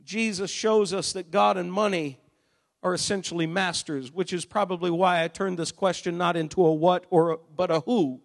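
A male pastor delivers a sermon in a notably high voice. He moves between conversational asides and loud, emphatic peaks. The sound carries the long reverb of a large hall. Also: steady tone, moderate pace. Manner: preaching with swells into shouting.

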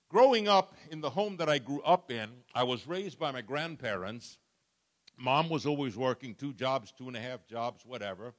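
A man preaching a sermon as pastor, dramatic, swinging from soft asides to loud peaks. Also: a little high. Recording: long church reverb.

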